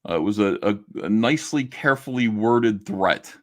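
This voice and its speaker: A man's voice: lowish voice, expressive, normal speed. A middle-aged man, a comic artist and YouTuber, talking to camera in a casual monologue, blunt and indignant, swearing and stumbling over restarts.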